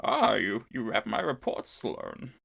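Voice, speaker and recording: A man voicing a menacing cyborg count villain from a sci-fi story, drawing each word out slowly in a gravelly, raised voice. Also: mid-range voice, huge pitch swings, fairly bright tone, exaggerated voice. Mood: approving. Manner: slow drawn-out delivery.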